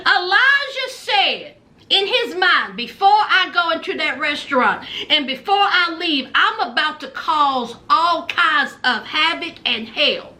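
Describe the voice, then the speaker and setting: A woman, tipsy, recapping a reality show in a casual, animated storytelling way, acting out what people said. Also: very high-pitched, a little slow. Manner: animated storyteller, acts out quotes, laughs. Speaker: recap commentator.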